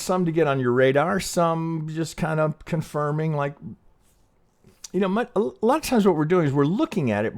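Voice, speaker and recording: A man's voice: fairly high pitch, gravelly. A man hosting a trading channel, walking through charts in casual, rambling talk, often asking "right?" and restarting sentences, with blunt, salty asides. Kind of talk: casual chart analysis walkthrough.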